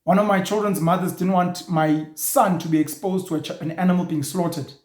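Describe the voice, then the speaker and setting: A man's voice: high voice, steady tone, fairly quick, darkish tone. A man, hosting a show and ranting bluntly in an opinionated monologue, now and then swearing. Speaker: show host. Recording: echoey room.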